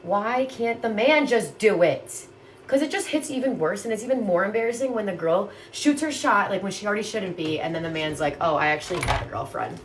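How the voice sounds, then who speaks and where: A young woman in a casual ranting monologue, exasperated and swearing freely, her pitch jumping up and down. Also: animated, a little hiss or hum. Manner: exasperated, swears a lot, quick shifts in pitch. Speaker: TikTok creator.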